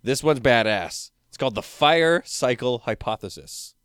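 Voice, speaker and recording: Man, podcast host, casual chat, animated, smooth clear voice, dry close mic. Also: medium pitch, normal speed, dry recording. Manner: animated, joking.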